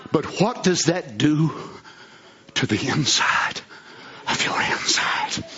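A man preaching a fervent sermon, swinging between shouts and low asides. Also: sing-song, slow pace, slightly rough, dull audio.

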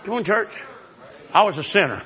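A man's voice: sits high, lively intonation, a little fast, pushed and bright, dull audio. A man in his seventies preaching a sermon in a folksy, chuckling way, calling out to the congregation. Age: 70s.

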